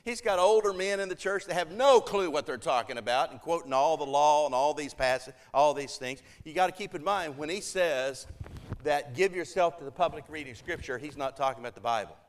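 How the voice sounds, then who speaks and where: Man, preacher, sermon in church, earnest, emphatic, fairly high voice. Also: brisk. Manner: earnest, emphatic, rising to fervent appeals. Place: church before a congregation.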